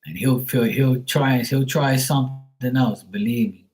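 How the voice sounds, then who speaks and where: A man's voice: medium pitch, darkish tone, poor audio. Blunt, profane man talking casually. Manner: blunt, profane, rambling, with many restarts; acts out kids' and fathers' voices in quick quotes. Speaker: tarot reader on a livestream. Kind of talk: casual live-stream talk.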